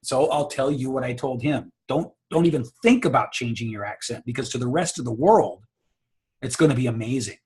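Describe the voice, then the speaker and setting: A man's voice: mid-range voice, a little fast, a little mellow. A man coaching public speaking on a video call, confident and emphatic, often repeating words as he restarts. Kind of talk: casual advice on a video call.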